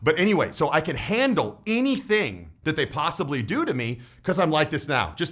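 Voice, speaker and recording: Lively high-voiced male coach, animated. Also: brisk, few pauses. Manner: animated, tags points with "right?". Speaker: voice and status coach. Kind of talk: coaching vlog breakdown.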